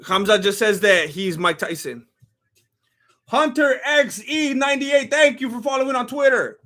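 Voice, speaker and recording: A man doing live reaction commentary on a fight, ranting and often shouting, pausing to thank new followers. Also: very high voice, lively intonation. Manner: thanks followers by name between rants. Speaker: live fight companion streamer.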